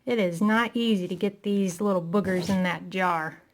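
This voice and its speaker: A woman's voice: mid-range voice, fairly even intonation, moderate pace. A woman chatting casually through a craft tutorial, talking to herself as she works, self-deprecating and a little out of breath.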